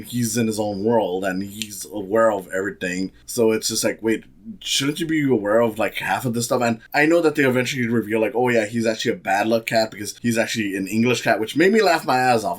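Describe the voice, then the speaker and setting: Male podcast host in a fairly low register, rambling and sardonic through a casual film review. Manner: rambling, sardonic, many fillers.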